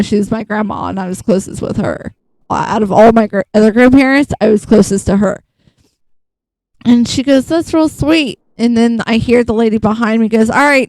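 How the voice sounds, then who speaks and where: Gravelly-voiced woman telling a casual story. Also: fairly high pitch, dry recording, low-quality recording. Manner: chatty and blunt, acts out both sides of a dialogue, swears freely. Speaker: gaming channel host. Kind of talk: casual storytelling while gaming.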